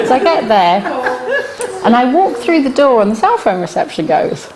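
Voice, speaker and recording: A middle-aged woman teaching a workshop, telling a personal anecdote to the group with lots of laughter and sudden high-pitched punchlines. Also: moderate pace, a crowd in the background. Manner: lively, laughing storyteller who jumps high in pitch at punchlines. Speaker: animal communication workshop teacher. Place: workshop room with a small audience.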